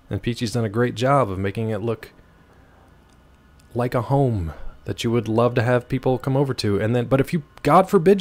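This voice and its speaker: A male livestream host chatting casually from home, playful and animated, jumping between high and low pitch. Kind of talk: casual chat while gaming.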